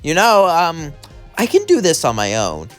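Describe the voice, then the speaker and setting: A man's voice: a little high, wildly swooping pitch, measured pace, faint music behind, pitched above the performer's own voice. A man voicing a smug, menacing male radio demon with an affected manner. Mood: awkward.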